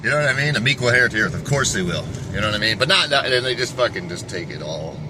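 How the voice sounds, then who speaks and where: A man's voice: medium pitch, expressive, rapid-fire, noisy background. A man giving a rambling, profane vlog monologue, often breaking off and restarting his sentences. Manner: profane, restless, self-interrupting. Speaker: fitness vlogger.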